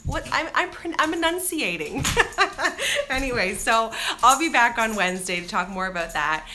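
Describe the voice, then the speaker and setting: Bright-voiced chatty Canadian woman. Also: a little high, sing-song, normal speed, faint music behind. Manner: chatty, scattered, laughs easily. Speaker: vlogger. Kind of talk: casual chat to camera.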